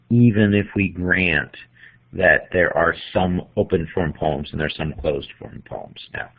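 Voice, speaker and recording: Male teacher, unhurried classroom lecture, gravelly fry, tinny narrow audio. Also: low voice. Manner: slow, deliberate, counting out examples.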